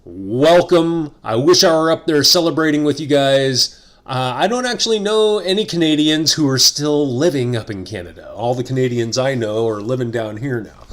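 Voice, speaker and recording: A man's voice: medium pitch, expressive, normal speed. A middle-aged man hosting a casual vlog monologue, rambling and joking with asides. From United States. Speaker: host.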